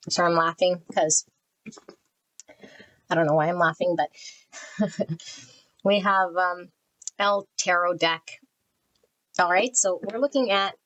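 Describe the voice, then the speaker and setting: Low-pitched woman giving a chatty tarot reading. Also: dry recording. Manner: chatty, repeats and restarts phrases, intuitive rambling; calls on spirit in a soft prayerful tone. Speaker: tarot reader. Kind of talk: casual spoken tarot reading.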